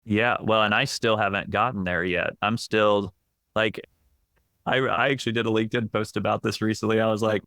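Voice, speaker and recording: A middle-aged executive coach talking candidly in a casual podcast interview, reflective and full of fillers and restarts. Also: male voice, lowish voice, fairly even intonation, fairly quick, pushed and bright, dry recording, studio quality.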